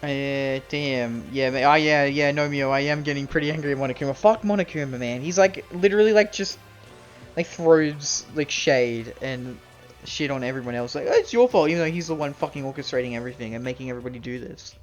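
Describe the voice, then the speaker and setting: A man's voice: mid-range voice, a little fast, soft background music. A man live-streaming a game, chatting casually with his viewers and swearing freely. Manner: casual, swearing, talks to chat. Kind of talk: live gameplay commentary.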